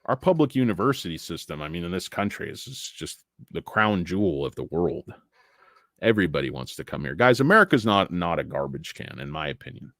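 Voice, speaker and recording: A man's voice: low-pitched, very animated, a little fast, a bit bright, dry recording. A man hosts a livestream in a casual rant that wanders through asides and fillers. His voice swings widely up and down as he talks. His delivery is blunt and heavy with swearing, and the sound is close and dry. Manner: profane, blunt, opinionated; rambling with frequent fillers. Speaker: stock market show host.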